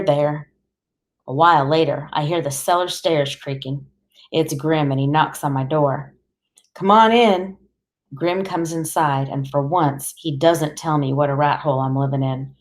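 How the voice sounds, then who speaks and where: A woman reading a first-person audiobook in a plain, conversational voice. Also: low-pitched. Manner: plain, conversational, as a teenage boy. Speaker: audiobook reader.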